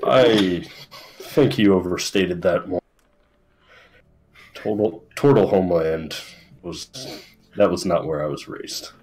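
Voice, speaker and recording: Deep slow husky man at a game table. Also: a little mellow, low-quality recording. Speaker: player. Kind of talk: tabletop role-play banter.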